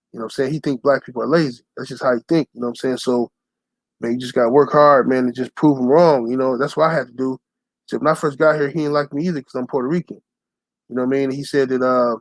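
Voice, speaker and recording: A young man ranting to his channel's viewers, telling a story in a loud, profane, heated way and shouting the lines he quotes. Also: a little high, dry recording. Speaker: channel host. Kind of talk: profane storytelling rant to camera.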